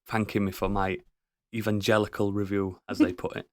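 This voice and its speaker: A man's voice: on the low side, level tone, a little fast. A man co-hosting a podcast, talking enthusiastically with casual swearing. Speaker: podcast co-host. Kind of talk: casual chat.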